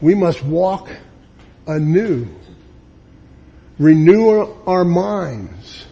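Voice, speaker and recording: In a church or meeting room, a man with a high-pitched, creaky voice preaches very slowly. His sermon is emphatic, and he acts out the people he quotes with lively swings.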